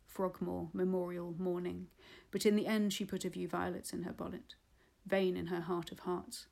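A woman reading a literary novel aloud in a measured, unhurried way. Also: fairly low pitch, creaky, darkish tone. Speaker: audiobook reader. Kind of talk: literary audiobook narration.

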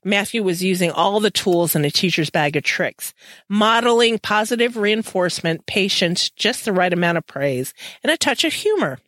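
A woman's voice: medium pitch, moderate pace, no room sound, clean studio sound. A woman reading a novel aloud on a podcast, breaking into playful chatty asides. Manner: lively, laughs often, playful commentary.

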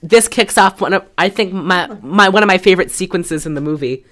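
Woman, low pitch, casual podcast chat, animated plot recap, lots of "like". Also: a little fast. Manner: animated storytelling, frequent "like". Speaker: podcast co-host.

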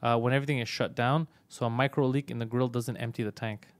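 A man's voice: mid-range voice, steady tone, quick pace. A man hosting a comedy podcast in casual banter, swearing constantly and ranting with rising heat.

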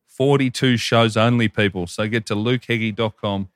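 A man's voice: on the low side, steady tone, normal speed, no echo, studio quality. An Australian man co-hosting a podcast, chatting and reading listener messages aloud in an upbeat way. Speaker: podcast co-host.

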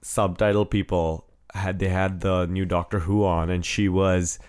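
A man with a cold co-hosts a casual podcast, joking and rambling with lots of filler words. His voice sits low and is level, unhurried, smooth, and a little mellow.

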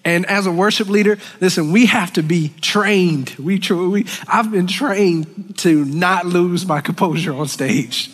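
A man's voice: high-pitched, fairly bright tone. Earnest man preaching in echoey church. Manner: earnest, emotional, halting with restarts. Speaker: worship leader. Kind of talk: sermon. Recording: long church hall reverb.

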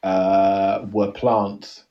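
A man improvising as a comedic interview guest, rambling in a deadpan manner. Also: sits low, extremely slow, far from the mic, lo-fi sound. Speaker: podcast co-host.

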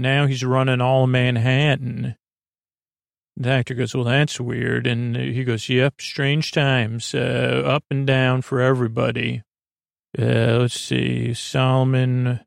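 A man's voice: medium pitch, gravelly, no echo, studio quality. A man hosting a sleep podcast, loosely retelling a TV episode in a meandering way with lots of filler words. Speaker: podcast host.

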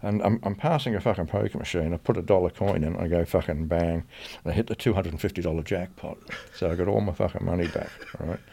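A man's voice: sits low, fast talker, gravelly, few pauses, dark tone, a little hiss or hum. A man telling a rambling personal anecdote in casual chat, swearing constantly. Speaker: guest storyteller.

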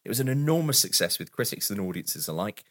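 A man's voice: fairly low pitch, sing-song, quick pace. A man co-hosting a casual film podcast, reading out film history with wry asides. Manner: reads film background aloud with wry asides and frequent laughs. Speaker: podcast co-host.

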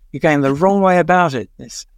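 Gravelly older man telling stories. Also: a little high, dry recording, clean studio sound. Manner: rambling, many "uh" pauses, chuckling asides. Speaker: veteran music journalist, guest. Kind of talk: anecdotal interview storytelling.

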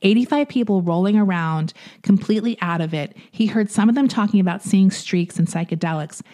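A woman hosting a podcast, casually retelling a story from a book, pausing and restarting as she goes. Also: mid-range voice, mellow. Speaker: podcast host.

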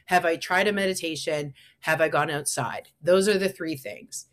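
A woman's voice: sits low, moderate pace. A woman in a casual conversation, sharing self-care advice in a chatty, encouraging way with lots of "like" fillers.

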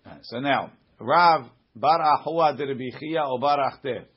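A man leads a Talmud class, reading each line aloud and then explaining it in plain, conversational English. His voice is slightly husky. The recording is dull and lo-fi. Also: medium pitch, measured pace. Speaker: Talmud teacher.

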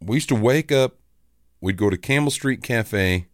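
Lively irritated man ranting on a podcast. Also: medium pitch, a little slow, dry recording, clean studio sound. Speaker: podcast host. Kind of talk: casual ranting monologue.

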